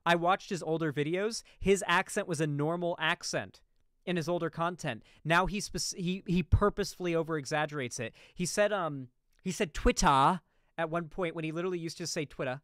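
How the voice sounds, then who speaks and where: A man rambles through a casual reaction stream, doubling back on his words and tossing in asides. His voice sits a little high and comes across smooth and resonant. The sound is close and dry, with no room around it. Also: brisk, fairly bright tone, dry recording. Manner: rambling, with frequent restarts and asides.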